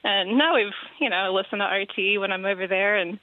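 A woman from the Houston area with a soft Texan accent, calling in to a radio show, friendly and easy-going. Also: mid-range voice, fairly quick, dry recording. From Houston area, Texas. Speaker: caller. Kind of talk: phone-in chat. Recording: tinny phone line.

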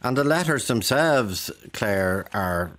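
A man hosting a radio phone-in, interviewing a caller in a calm, sympathetic way. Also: lowish voice, slow. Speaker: radio host.

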